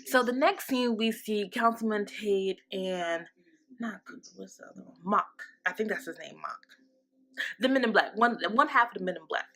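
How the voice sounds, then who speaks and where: Female vlogger, casual TV recap, profane and animated, mid-range voice. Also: medium pitch, moderate pace. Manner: candid and profane, animated reactions.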